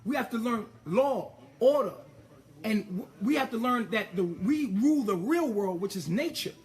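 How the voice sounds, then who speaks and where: High-voiced man ranting with profanity. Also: animated, moderate pace, a little mellow. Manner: ranting, profane and emphatic, with stammered repeats. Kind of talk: impassioned monologue.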